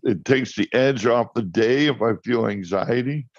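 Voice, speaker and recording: A man chatting as a guest on a talk show, telling stories in an animated way and often restarting his sentences. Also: mid-range voice, measured pace, no echo, dull audio. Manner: storytelling, animated, repeats words when starting. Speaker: guest, cannabis grower. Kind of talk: casual talk show chat.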